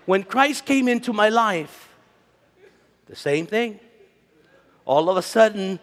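A man in his fifties delivers a storytelling sermon in a very high voice. He is animated and joking, breaking into shouts now and then. A long hall reverb trails every line. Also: takes it slowly, pauses often. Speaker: conference speaker, Bible teacher. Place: large conference hall.

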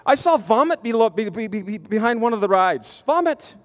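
A man preaching a storytelling sermon, animated, with stammering restarts, swinging from loud to hushed. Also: high voice, a little fast. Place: large conference hall. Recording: long reverb of a conference hall.

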